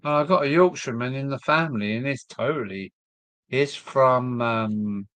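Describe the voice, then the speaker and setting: A man's voice: medium pitch, moderate pace, a bit bright, dry recording. A man from Kent with a southern English accent, chatting casually on a hobby live stream and musing aloud, trailing off with lots of ums. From Kent, England. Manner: rambling, musing aloud with many fillers. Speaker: model railway live stream host. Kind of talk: casual chat reading viewer comments.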